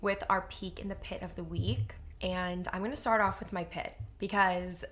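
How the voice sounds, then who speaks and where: A young woman co-host on a podcast tells stories animatedly in casual talk, with frequent "like" fillers. Her voice is on the low side, and she speaks at normal speed.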